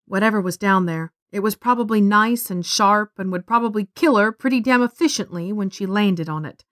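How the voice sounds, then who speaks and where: A woman reading a science fiction story aloud as narrator, in a steady storytelling voice on a close studio mic. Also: medium pitch, a little fast, no room sound. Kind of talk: scripted narration.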